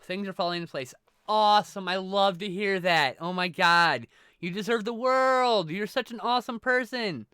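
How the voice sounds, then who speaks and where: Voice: medium pitch, moderate pace, clear, resonant tone, no room sound, studio quality. A live streamer chatting casually with viewers, thanking them and swearing freely. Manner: greets and thanks viewers warmly.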